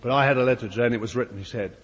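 This mid-range, husky male voice races along very fast as he preaches fervently to a congregation in a church hall, adding emphatic asides for his listeners. It's a dull, lo-fi recording with long hall reverb.

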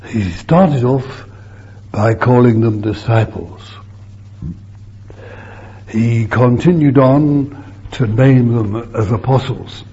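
An older man preaching a sermon, swinging between loud emphatic bursts and soft hushed asides, on a muffled old recording with faint hiss. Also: medium pitch, takes it slowly, pauses often, slightly rough.

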